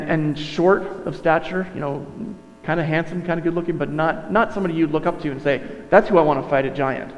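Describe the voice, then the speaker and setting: Chatty male pastor in a reverberant hall. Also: fairly high pitch. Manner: conversational, self-correcting, with asides. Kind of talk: sermon. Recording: dull sound, long reverb, mains hum.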